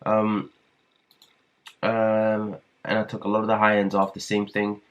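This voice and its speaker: A man's voice: lowish voice, completely flat delivery, a little slow, dull audio. A man hosting a casual music production tutorial, talking in a hesitant way with many fillers and restarts. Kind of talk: casual screen-recorded tutorial.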